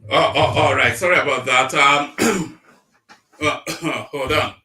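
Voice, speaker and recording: A man's voice: fairly high pitch, slow pace, bright, forceful tone. Blunt man reading news aloud. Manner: rambling, blunt and mocking asides. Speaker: live-stream commentary host. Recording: echoey room, voice a bit far from mic.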